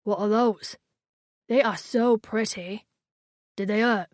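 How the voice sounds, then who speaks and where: A woman's voice: mid-range voice, no echo, clean studio sound, lightly acted. A woman voicing small, eager alien creatures firing off curious questions in an audiobook. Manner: rapid-fire questions.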